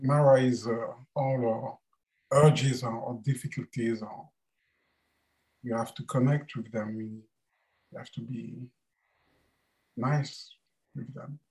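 A man telling a story to a group in a hesitant, unhurried way. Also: medium pitch, steady tone, a little mellow. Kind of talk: casual storytelling.

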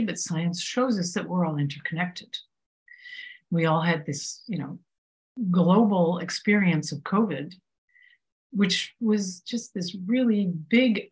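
A woman giving a reflective spiritual talk, unhurried and full of pauses and fillers. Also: on the low side, darkish tone, poor audio. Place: Paris.

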